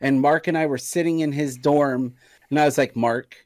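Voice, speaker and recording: A young man co-hosting a podcast in casual chat, telling stories in an animated, joking way. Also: on the high side, normal speed, no room sound. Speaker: podcast co-host.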